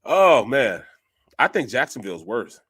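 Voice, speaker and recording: A man's voice: mid-range voice, very animated, a little slow, fairly bright tone, slightly rough. A middle-aged man co-hosting a casual sports talk show, laughing often and calling people bro and man. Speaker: co-host.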